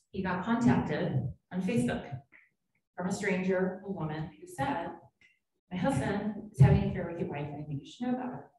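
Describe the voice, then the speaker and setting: A woman's voice: lowish voice, dark tone. Woman speaker in an echoey hall. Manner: conversational storytelling, acts out quoted voices. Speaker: psychiatrist giving a keynote talk. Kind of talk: conference keynote with anecdotes. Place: conference hall. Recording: echoey hall, speaker far from mic, faint hum.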